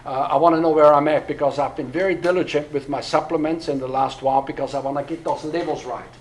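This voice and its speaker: A man's voice: on the high side, fairly even intonation, fast, rough recording. A man, telling a long personal story at a church workshop, full of fillers and restarts. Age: 60s. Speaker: pastor. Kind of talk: workshop talk to a church audience.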